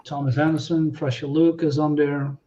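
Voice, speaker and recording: A man's voice: fairly high pitch, flat delivery, moderate pace, mellow. A man co-hosting a live stream, agreeing easily and hesitating over his words, with lots of fillers. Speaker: streamer co-host. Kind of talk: casual live-stream chat. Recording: dull lo-fi audio.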